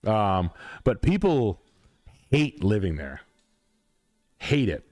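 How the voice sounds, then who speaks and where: A man's voice: lowish voice, sing-song, takes it slowly, a little mellow, no room sound, soft background music. A man hosting a livestream, ranting bluntly and profanely in a casual, emphatic way. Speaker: livestream host.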